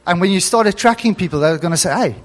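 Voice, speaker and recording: High-voiced man preaching in a hall. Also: racing. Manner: animated, chuckling, reads scripture aloud. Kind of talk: sermon. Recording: long hall reverb.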